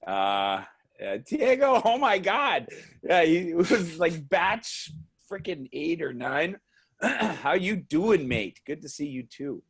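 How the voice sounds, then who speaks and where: A man hosting a casual live video chat, excitable and chatty with many fillers, speaking over a video call. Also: a little high, takes it slowly, slightly rough. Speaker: livestream host.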